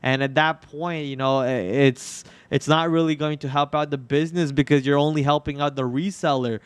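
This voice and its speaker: Man, hoarse throat, smooth clear tone, dry close sound, rambling trading commentary. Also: fairly high pitch, fairly even intonation, normal speed, no echo. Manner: rambling, many restarts and fillers. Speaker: trading stream host. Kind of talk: live market commentary. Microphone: podcast microphone.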